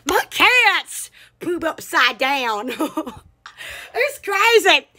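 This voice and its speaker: A woman's voice: extremely high pitch, very animated, drawn-out words, sharp tone, slight background noise. A woman from Alabama, chatting casually with viewers on a phone live stream, bubbly and full of exclamations and laughs. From Alabama, USA. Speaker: Instagram live streamer, store owner. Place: hot room at home.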